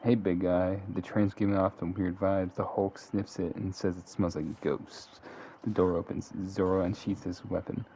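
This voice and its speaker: A man with a low, gravelly voice reads out the events of a game simulation, leaning into the drama and fixing his own stumbles as he goes. The recording sounds dull and lo-fi, with a faint hiss underneath. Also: flat delivery, normal speed, dark tone. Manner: reads dramatically, laughs and corrects own slips. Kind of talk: casual read-aloud narration.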